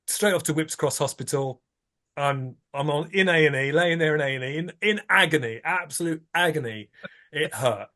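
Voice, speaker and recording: Animated man telling a story. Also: fairly high pitch. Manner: animated storyteller, acts out his own lines. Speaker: guest. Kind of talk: anecdote in casual chat.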